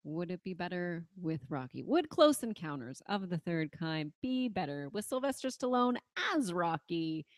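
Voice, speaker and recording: An easygoing woman hosting a podcast, bantering and laughing with her co-hosts. Her voice sits a little low, and the close studio mic gives a dry, tight sound. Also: big pitch swings, moderate pace, hardly any pauses, no room sound. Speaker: podcast host. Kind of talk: casual chat.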